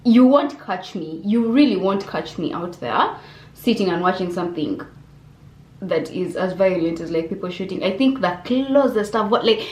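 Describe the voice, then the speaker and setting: A woman's voice: mid-range voice, expressive, moderate pace, a little mellow. A young woman from Uganda, chatting casually in a vlog Q&A, rambling with lots of fillers and restarts. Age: young adult. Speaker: vlogger. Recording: echoey room with faint ambience.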